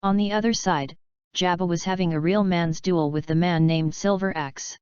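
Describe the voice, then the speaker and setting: A woman narrating an action story in a steady, even storytelling manner. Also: fairly low pitch, moderate pace, clear, resonant tone, dry recording. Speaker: audiobook narrator. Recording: dry, slightly dull lo-fi sound.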